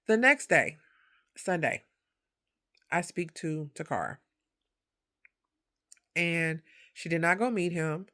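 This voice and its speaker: A woman telling a personal story in a casual storytime monologue, acting out the quoted voices and growing loud and sharp when indignant. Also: lowish voice, lively intonation, slow, pauses often.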